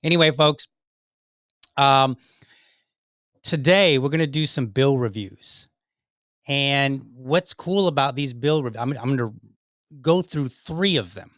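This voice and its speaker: A man's voice: mid-range voice, takes it slowly, long pauses, a bit bright, dry recording, clean studio sound. A middle-aged man hosting a political podcast in a casual, joking, rambling way, with self-mocking asides. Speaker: podcast host.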